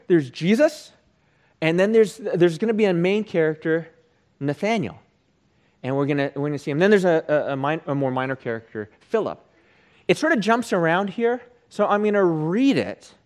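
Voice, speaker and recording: Lively, animated male pastor. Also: high-pitched. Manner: animated, conversational, prays then reads aloud. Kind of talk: sermon with prayer and scripture reading.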